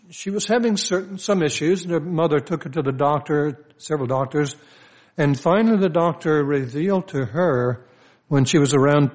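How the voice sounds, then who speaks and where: A man's voice: on the high side, a little mellow. An older man, a pastor, preaching a conversational sermon full of personal stories, often restarting his sentences. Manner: conversational, anecdotal, with frequent restarts. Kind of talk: storytelling sermon.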